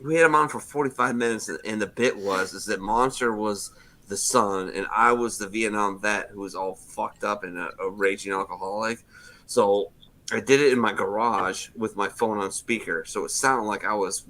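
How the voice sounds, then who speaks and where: A man's voice: on the low side, normal speed, sharp tone. A man hosting a podcast, telling crude stories in casual chat. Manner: crude storytelling. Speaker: podcast host.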